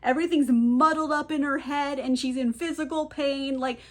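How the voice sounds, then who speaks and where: High-voiced chatty woman recapping a book. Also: fairly even intonation, normal speed. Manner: chatty and irreverent, many "like"s. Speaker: book reviewer.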